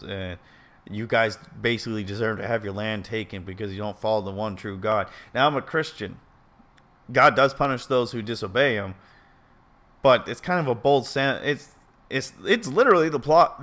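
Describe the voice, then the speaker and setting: Man, casual commentary, reading an article aloud, earnest, opinionated, stumbles and self-corrects, lowish voice. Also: pushed and bright. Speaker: video commentator.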